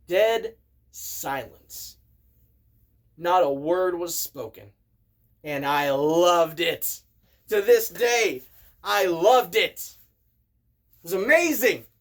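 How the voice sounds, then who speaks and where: A man in his thirties, a vlogger telling a story in an excitable, animated way as a casual rant. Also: high voice. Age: 30s.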